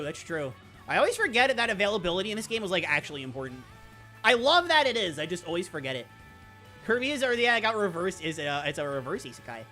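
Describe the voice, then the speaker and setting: A speedrunner giving excitable, rambling commentary over gameplay, with quick laughs and self-interruptions. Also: medium pitch. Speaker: speedrunner streamer.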